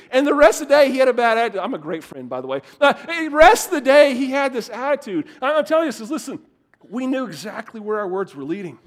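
High-voiced animated male preacher. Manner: animated, repeats words, swings from loud to hushed. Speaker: pastor. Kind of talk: sermon.

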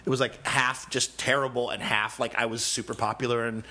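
A man's voice: medium pitch, level tone, fairly quick, sharp tone. A man who is a comedic musician, guesting on a podcast, rambling and joking with lots of "like". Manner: rambling, full of "like", jokey. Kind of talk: casual comedic chat.

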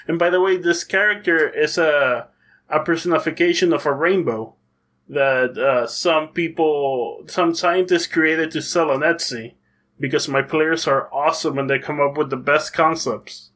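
Bright-voiced game master, rambling happily. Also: male voice, on the high side, unhurried. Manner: enthusiastic, rambling, self-correcting. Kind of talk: casual interview chat.

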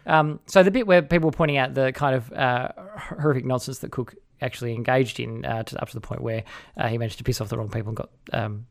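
A man with an Australian accent, co-hosting a casual political chat in a sardonic, animated way. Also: medium pitch, fast, creaky. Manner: sardonic, animated, mocking voices of opponents. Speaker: podcast co-host.

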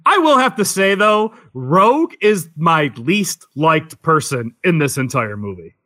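Lively bright-voiced man giving opinions. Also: on the high side, measured pace. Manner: lively, animated, frank opinions. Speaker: podcast co-host. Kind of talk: casual movie discussion.

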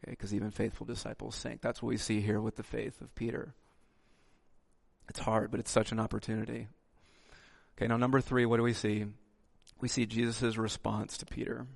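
A male pastor preaching a sermon with lively delivery, dropping "okay" asides and acting out the quotes he reads. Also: fairly low pitch, a little fast, creaky, long pauses.

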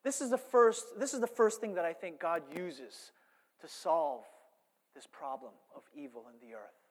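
A man preaching a sermon as a pastor, telling stories animatedly and swinging between hushed asides and loud, emphatic points. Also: on the high side, very animated, moderate pace. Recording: long hall reverb.

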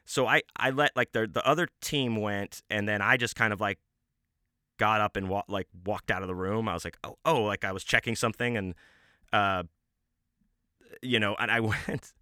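A man's voice: on the low side, normal speed, pushed and bright, clean tone, no room sound, clean studio sound. A man hosting a podcast, telling a rambling, profane story in casual talk with many restarts and fillers. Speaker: podcast host.

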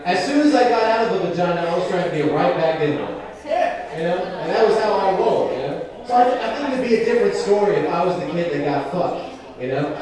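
A man's voice: on the high side, animated, moderate pace, crowd noise. A young man doing a rambling, profane stand-up comedy set with frequent asides. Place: comedy club stage. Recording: echoey club from a distance.

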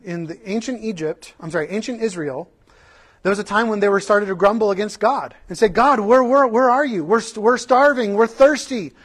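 A man with a notably high voice delivers a sermon in the manner of a passionate preacher. He presses his listeners with rhetorical questions, then drops into earnest, conversational asides full of restarts. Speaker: pastor.

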